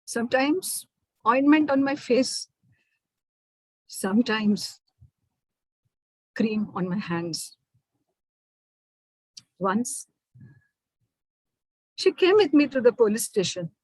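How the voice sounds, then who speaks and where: A woman with an Indian English accent voicing a tired, gentle working mother in a storytelling performance. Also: fairly high pitch, expressive, slow, pauses often, slightly rough, dry recording, heavily acted, low-quality recording. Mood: hesitant, confiding.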